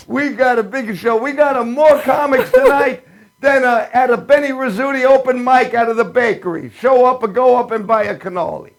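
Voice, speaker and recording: A man's voice: very high voice, moderate pace. A man doing a jolly Italian pizza man. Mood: jovial. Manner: broken English, laughs at own jokes. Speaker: show opener.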